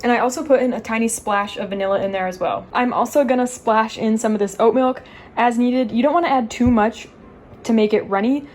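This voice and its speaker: A woman's voice: on the high side, brisk, darkish tone. Chatty woman demonstrating a recipe. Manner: chatty, explains each step as she goes. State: out of breath. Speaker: cooking channel co-host.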